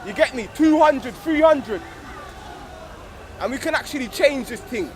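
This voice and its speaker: Against background noise on a street, a young adult man from England speaks in an extremely high, animated but unhurried voice. He organises a street discussion circle and talks casually, slangy, saying "you get me" again and again, getting fervent and loud.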